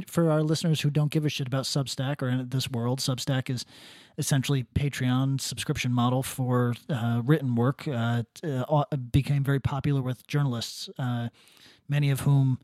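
A man's voice: medium pitch, a little mellow, no echo, clean studio sound. A man co-hosting a casual podcast, rambling and sardonic, swearing freely. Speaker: podcast co-host.

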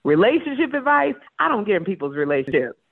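A woman talk show host, a guest in a casual radio interview, telling stories in a playful, animated way. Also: mid-range voice, fast. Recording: tinny phone line.

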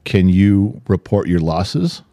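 Middle-aged male co-host, low and mellow, dry close sound, chatty explainer. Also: animated, takes it slowly, no room sound. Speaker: podcast co-host. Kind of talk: casual podcast chat.

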